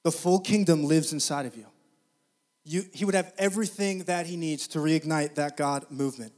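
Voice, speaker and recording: A man with a notably high voice delivers a sermon. He speaks to the congregation in a chatty, storytelling way and rises into loud, energetic preaching. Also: moderate pace. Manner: conversational, addresses the congregation directly.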